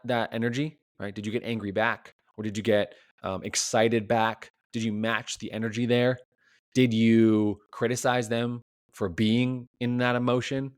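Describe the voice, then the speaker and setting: A man's voice: on the low side, no echo, clean studio sound. A man as a relationship coach, giving a reflective solo podcast talk full of rhetorical questions, often tagged with "right?".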